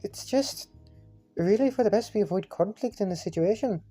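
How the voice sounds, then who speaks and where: A man voicing an earnest young peacemaker who talks gently and reasonably, over faint music. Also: high voice, lively intonation, normal speed, pitched above the performer's own voice. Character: earnest young peacemaker, soft-spoken and caring. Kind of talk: fan visual novel voice acting.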